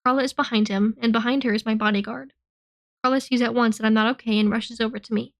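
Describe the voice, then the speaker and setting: A woman reading a novel aloud in the first person, telling the story in an expressive, earnest way. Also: on the high side, fast. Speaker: reader.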